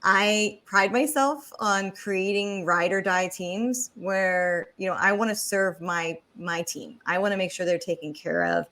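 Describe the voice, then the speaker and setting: A woman's voice: mid-range voice, a little slow, hardly any pauses, sharp tone. Woman, podcast host, chatty, enthusiastic, conversational interview.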